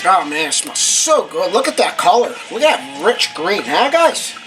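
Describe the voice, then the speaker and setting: A woman's voice: sing-song, normal speed, poor audio. A woman hosting a cooking lesson at home, chatty and upbeat, talking viewers through each step with frequent exclamations. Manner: chatty, upbeat, often exclaims "boom" and asks "okay?". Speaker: cooking show host. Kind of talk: casual cooking demonstration. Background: guitar music.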